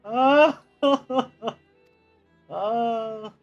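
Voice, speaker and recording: A man streaming a game and reacting with excitable fan outbursts. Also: very high-pitched, very slow, muffled recording, soft background music. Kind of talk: casual game commentary.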